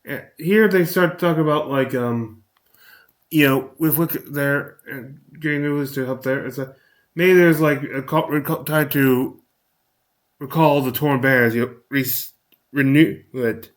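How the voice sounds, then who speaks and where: Halting man recapping a game. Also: mid-range voice. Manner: halting, many restarts and fillers. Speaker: recap host. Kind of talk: casual recap commentary.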